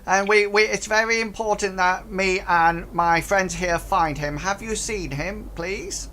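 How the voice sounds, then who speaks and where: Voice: a little slow, sharp tone, slight background noise. A game master voicing a group of nervous, bumbling little space goblins who stammer and plead. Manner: stammering, pleading, high-pitched.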